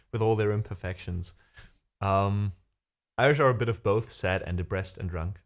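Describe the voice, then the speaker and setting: A young man chats loosely to his livestream viewers. He rambles, pauses on fillers and restarts his sentences as he thinks aloud, speaking into a desk mic at home. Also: lowish voice, animated. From Germany. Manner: rambling, hesitant, many fillers. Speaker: livestream host. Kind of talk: casual chat with viewers. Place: home room.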